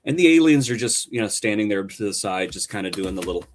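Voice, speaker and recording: A male podcast co-host reviews a show in an animated, sarcastic way. His pitch moves widely, and his delivery turns theatrical for effect. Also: quick pace, slight background noise.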